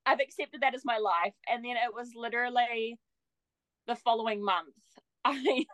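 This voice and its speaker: A young woman, a podcast guest telling her story in a lively way, laughing often and acting out what people said. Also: a little high, moderate pace, no echo, rough recording. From New Zealand. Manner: lively, laughs often, acts out quoted voices. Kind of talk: casual storytelling.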